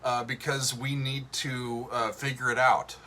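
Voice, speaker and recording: A man hosting a livestream, chatting casually with viewers in a relaxed, rambling way with lots of fillers and a drawl. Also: mid-range voice, measured pace, background noise. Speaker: show host.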